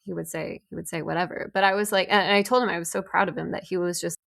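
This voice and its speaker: A woman's voice: lowish voice, fairly even intonation, quick pace, gravelly, fairly bright tone. A woman in her thirties co-hosting a podcast, chatting casually and telling stories with many restarts. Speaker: podcast co-host. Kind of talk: casual chat.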